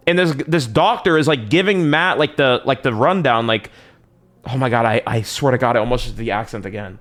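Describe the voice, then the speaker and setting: A man's voice: medium pitch, a little fast, fairly bright tone. A young man streaming live, telling a long story in a rambling, profane, slang-heavy way.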